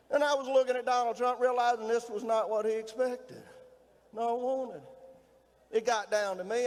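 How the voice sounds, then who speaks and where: High-voiced Southern man shouting a folksy rally speech. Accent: Southern US (Mississippi). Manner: folksy, rousing, often shouting to a crowd. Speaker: state governor speaking at a political rally. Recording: reverberant hall, faint noise.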